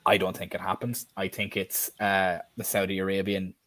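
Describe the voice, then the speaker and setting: A man's voice: sits low, little pitch movement, moderate pace, fairly bright tone, dry recording. A man co-hosting a live stream, chatting bluntly and casually and swearing now and then.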